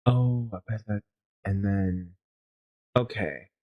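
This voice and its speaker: A man hosting a gaming channel, giving casual gameplay commentary in a low-key, hesitant, apologetic way. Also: takes it slowly, phone-quality sound.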